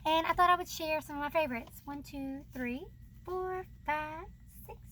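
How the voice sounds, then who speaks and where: High-voiced bubbly woman host. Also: moderate pace, fairly bright tone, slight background noise. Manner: bubbly, laughs often. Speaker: host of a book channel. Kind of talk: casual chat about books.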